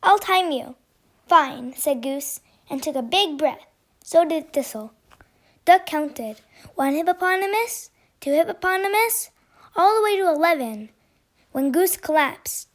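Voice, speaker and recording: A woman reading a children's picture book aloud in an expressive, gentle storytelling manner. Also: sits high, measured pace.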